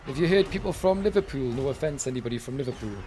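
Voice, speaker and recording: A man's voice: medium pitch, expressive, quick pace, mellow, a little hiss or hum. A man with an English accent, chatting playfully and teasing on a casual gaming stream. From England.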